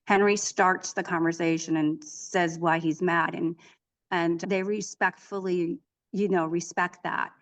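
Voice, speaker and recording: A middle-aged woman, a guest author, chatting in an interview, telling stories in an animated way with frequent restarts. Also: on the low side, a little slow. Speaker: author and equine therapist, guest. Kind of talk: casual interview conversation.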